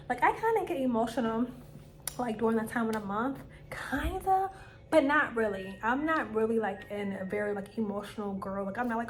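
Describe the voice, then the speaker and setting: A young woman tells a personal story to her vlog audience in a chatty, animated way. Her voice sits a little high, and she slips into lively quoted lines as she talks. A faint hiss of background noise runs under the recording. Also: moderate pace. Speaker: vlogger. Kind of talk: casual storytelling to camera.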